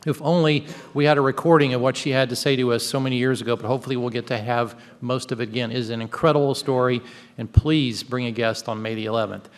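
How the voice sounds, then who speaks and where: A man's voice: medium pitch, steady tone, fast talker. An upbeat man, the club president, reads out meeting announcements with a dry joke here and there. His mid-range voice carries through a large hall with a long, ringing reverb. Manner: upbeat, joking.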